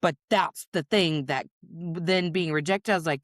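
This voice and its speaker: A woman's voice: low voice, normal speed, few pauses, no echo, clean studio sound. Candid woman podcast host. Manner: candid, animated storytelling. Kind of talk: casual podcast conversation.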